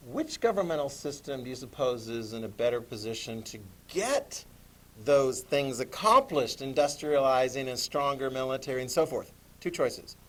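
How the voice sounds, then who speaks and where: A middle-aged man teaching a history lesson to a class, animated, asking questions and acting out voices. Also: mid-range voice. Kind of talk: classroom lecture.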